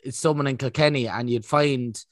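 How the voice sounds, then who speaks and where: A man's voice: mid-range voice, fairly even intonation, moderate pace, dry recording, clean studio sound. A young Irish man co-hosting a podcast, talking in a rambling casual way with lots of fillers. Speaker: podcast co-host. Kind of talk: casual chat.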